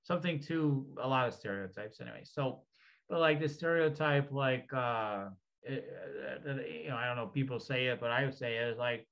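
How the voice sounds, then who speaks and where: Brief: male host, mid-pitched, rambling with fillers, on muffled audio. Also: normal speed, gravelly, fairly bright tone. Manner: rambling, hesitant with many fillers. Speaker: host and energy healer. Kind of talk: casual conversation.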